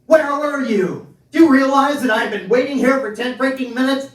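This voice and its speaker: A man voicing his young son, a small boy who sounds squeaky and indignant. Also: expressive, fairly quick, a little mellow. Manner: squeaky, high-pitched, huffy. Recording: echoey room, distant mic.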